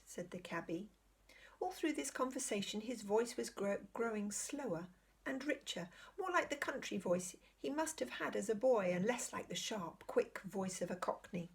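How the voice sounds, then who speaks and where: A woman reading a children's novel aloud in a gentle, measured storytelling manner. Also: mid-range voice, creaky, husky. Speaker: storybook reader.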